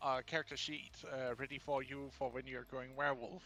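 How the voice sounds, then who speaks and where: A man running a tabletop game, talking casually in halting bursts full of fillers over a headset. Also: mid-range voice, level tone, bright, forceful tone. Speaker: game master. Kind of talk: casual chat during a tabletop game break.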